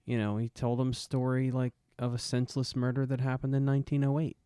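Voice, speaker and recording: A man's voice: medium pitch, little pitch movement, quick pace, dark tone, clean tone, no echo, studio quality. A man co-hosting a casual film podcast, rambling through his thoughts with lots of "you know". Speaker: podcast co-host.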